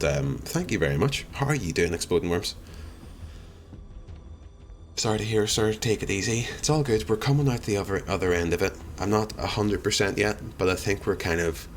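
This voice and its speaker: Deep-voiced streamer. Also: male voice, a little hiss or hum. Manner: rambling, wry and self-deprecating. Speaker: live streamer. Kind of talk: casual chat reading out viewer comments. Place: home streaming room.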